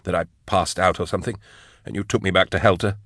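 A man's voice: low voice, steady tone, fast talker, a bit bright, no echo, clean studio sound. A man voicing a frightened, disoriented young man asking frantic, breathless questions. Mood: uneasy.

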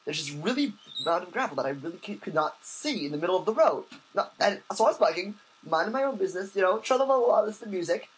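A young man co-hosting a podcast, telling a story in casual chat with excitable rambling and many restarts. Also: sits high, quick pace, hardly any pauses, distant mic, poor audio. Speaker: podcast co-host.

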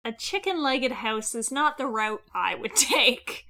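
A woman's voice: a little high, lively intonation, measured pace, sharp tone. A woman co-hosting a casual podcast chat, blunt and skeptical, swearing casually. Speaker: podcast co-host.

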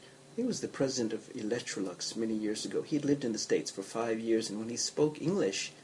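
A man who coaches English, talking through an interview in a relaxed, chatty way. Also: lowish voice, a little fast, a little hiss or hum. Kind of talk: conversational interview.

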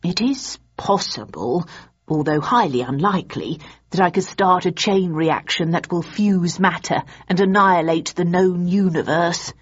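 A woman doing a slow, mild old inventor. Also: lowish voice, husky, dull audio. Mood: dry teasing. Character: elderly male inventor, absent-minded and gentle.

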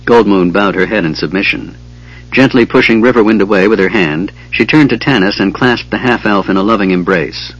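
Male narrator, low husky voice, measured dramatic fantasy storytelling, dull lo-fi recording. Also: fairly bright tone. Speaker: audiobook narrator. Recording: dull lo-fi audiobook audio.

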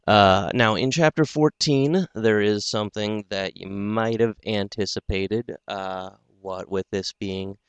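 A man hosting a podcast and reading a book aloud, in a dry, self-deprecating way with casual pauses. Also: on the low side, smooth, dry recording. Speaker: podcast host and audiobook reader. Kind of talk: casual audiobook narration.

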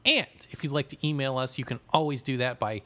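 A man co-hosting a podcast talks at a quick pace in a mid-range voice, his accent nasal and Midwestern. The casual banter is lively, with lots of cursing and laughter.

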